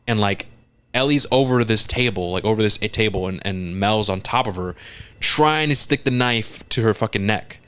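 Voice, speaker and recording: A lower-pitched man on a casual podcast, walking through a scene beat by beat. He acts out the lines as he goes, swears freely, and keeps the energy up. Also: moderate pace, clear, resonant tone. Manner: animated retelling, acting out lines, frequent swearing. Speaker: podcast co-host.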